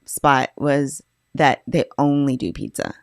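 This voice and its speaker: A woman's voice: very deep voice, slow, creaky, no room sound, studio quality. A woman co-hosting a podcast, telling travel stories in casual chat and laughing often. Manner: animated storyteller, laughs often. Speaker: podcast co-host.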